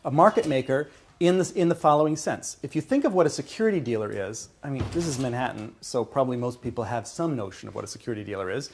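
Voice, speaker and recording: A man's voice: mid-range voice, animated, fast talker, few pauses, a little mellow, husky. A male lecturer explaining ideas step by step to a class, often checking in with "okay" and restarting phrases. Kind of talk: university lecture. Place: lecture hall.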